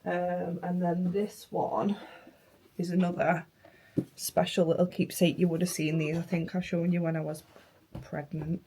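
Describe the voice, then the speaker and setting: A young woman vlogging casually, emotional and halting, her voice hoarse from flu and tonsillitis, sometimes dropping to near-whispers. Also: fairly low pitch, level tone, mellow, a little hiss or hum. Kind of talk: casual vlog chat.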